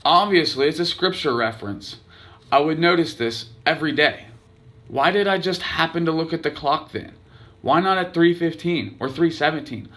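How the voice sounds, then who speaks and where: A man's voice: fairly high pitch, expressive, moderate pace, a bit bright. A man reading aloud his own blog post, telling a personal story earnestly and dramatically.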